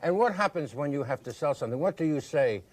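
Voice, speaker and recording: A man hosting a TV interview in a studio, firing off quick probing questions. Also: a little high, lively intonation, husky, no echo. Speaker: TV interviewer, host.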